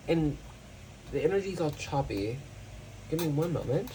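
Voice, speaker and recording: A tarot reader talks through a casual pick-a-card reading in a mellow, rounded voice over faint room ambience. The delivery is reflective and unhurried, with frequent pauses, fillers and restarts while hunting for the right word. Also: mid-range voice, expressive, slight background noise, low-quality recording. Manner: searches for words, with many fillers and restarts; reflective, thinking aloud.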